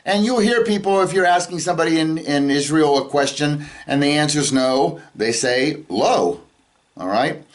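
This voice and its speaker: A man teaching a casual scripture lesson who talks conversationally, pauses often on "uh" and keeps checking in with listeners. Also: on the high side. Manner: conversational, checks in with "all right?" and "okay?"; stops often with "uh" and restarts. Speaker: Bible teacher.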